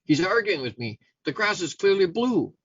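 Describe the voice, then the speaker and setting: Brief: man doing a squeaky, childish donkey in a spoken fable, shrill and smug, dull dry recording. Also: big pitch swings, normal speed, a bit bright, slightly rough, no room sound, full character voice. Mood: insistent. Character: excitable boastful male donkey in a fable.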